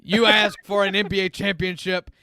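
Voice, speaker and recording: Man doing a sarcastic scratchy mall Santa, high bright voice, dry close mic. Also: flat delivery, moderate pace, no room sound. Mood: grumpy. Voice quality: scratchy, smoker's voice. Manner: sarcastic, scolding. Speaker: co-host. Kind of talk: comedy bit on a sports podcast. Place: small closet studio.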